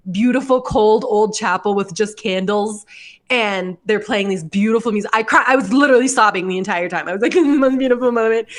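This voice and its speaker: A young adult woman hosting a podcast, telling a story in casual chat, full of likes and laughs. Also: medium pitch. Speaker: podcast host.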